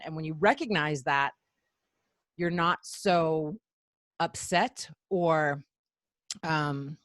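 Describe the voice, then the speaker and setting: A woman from Maine talks through her advice in a casual group video chat, reflective and steady with plenty of ums. Her voice sits a little low. The sound is dry and close. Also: dry recording. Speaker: sales director.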